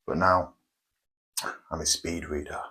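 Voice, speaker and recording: A man hosting a motivational self-help video, speaking slowly and emphatically with dramatic pauses and tongue-in-cheek grandeur. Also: rumbling low, steady tone, pushed and bright, slightly rough, rough recording. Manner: slow, deliberate, emphatic delivery with dramatic pauses. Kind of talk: motivational monologue.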